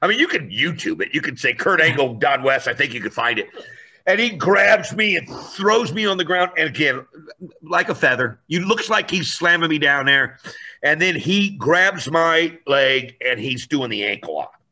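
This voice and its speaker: Animated man telling a story. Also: a little high, normal speed. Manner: lively storyteller, acts out voices and shouts for effect.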